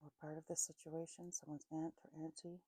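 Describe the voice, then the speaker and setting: Low-voiced woman giving a psychic reading. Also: flat delivery, brisk, warm tone, husky, no echo, poor audio. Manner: musing, spells out names, trails off, self-corrects. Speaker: psychic reader. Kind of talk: intuitive reading monologue.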